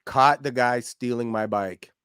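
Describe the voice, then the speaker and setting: A man's voice: medium pitch, a little slow, a bit bright, smooth, no echo. Chatty man co-hosting a watch party, dry sound. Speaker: co-host of a betting watch party. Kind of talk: casual chat.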